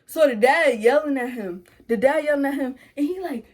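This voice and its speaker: A woman's voice: normal speed, few pauses. A young woman, casually telling a storytime and animatedly acting out quotes. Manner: animated, acts out quotes in a high voice. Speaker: vlogger.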